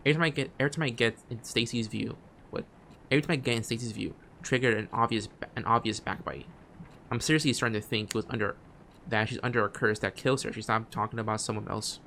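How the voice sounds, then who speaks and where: A man streaming a game, reading its text aloud, often stumbling and restarting phrases and dropping quiet asides. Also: mid-range voice, steady tone, quick pace, gravelly, a little hiss or hum. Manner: drops quiet asides between read lines.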